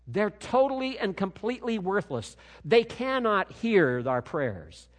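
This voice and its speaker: A man preaches in a fairly high, very lively voice that swings up and down as he drives his points home. His words ring out with a long reverb through a church sanctuary. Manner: emphatic, rising and falling preaching cadence. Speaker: pastor. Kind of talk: sermon.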